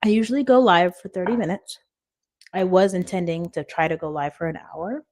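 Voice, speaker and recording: A woman's voice: on the low side, brisk, a little mellow. Chatty woman streaming live from home. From Washington State, USA. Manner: chatty, reads out viewer comments, laughs often. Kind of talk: casual live-stream chat. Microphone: phone.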